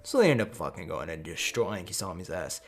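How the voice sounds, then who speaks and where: A man narrating a fan-made story in a crude, rambling way, swearing freely. His low voice is gravelly and husky, with lively swings in pitch. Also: fairly quick. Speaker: YouTube storyteller. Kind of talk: casual fan-fiction narration.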